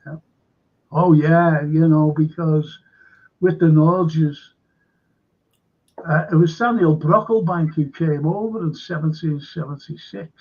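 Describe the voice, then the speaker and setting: A man's voice: fairly high pitch, steady tone, takes it slowly, long pauses, breathy edge. A man with a Liverpool accent, a local historian telling rambling stories in a casual chat, full of fillers and restarts. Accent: Liverpool (Scouse). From Liverpool, England. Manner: rambling anecdotal storyteller with frequent fillers. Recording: dull lo-fi sound.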